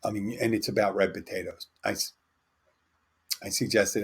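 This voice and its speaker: A man's voice: on the low side, fairly even intonation, moderate pace, pauses often, breathy edge. A man hosting a podcast, casually telling a bar anecdote and acting out the other people's lines. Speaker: podcast host and bartender. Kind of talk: casual storytelling.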